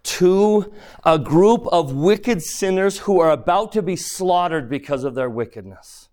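A man's voice: high-pitched, animated, unhurried, a little mellow. Earnest man teaching a scripture class. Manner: earnest, pleading, asks the class questions. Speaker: religion teacher.

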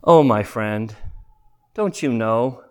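Kind heavenly spirit, read by a man, gentle and patient, voice moving a lot. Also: medium pitch, expressive, slow pace, clear, resonant tone, pitched below the performer's own voice. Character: kindly laughing male spirit from heaven.

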